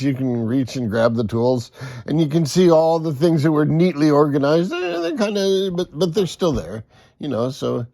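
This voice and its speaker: A man speaks slowly and easily, with a gravelly, creaky edge to his middle-pitched voice. He rambles through his workshop chatter in a self-deprecating way. The sound is dry and close, picked up by a camera mic at his bench. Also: darkish tone, no echo. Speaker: model boat hobbyist vlogger. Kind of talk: casual workshop vlog. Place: home workshop.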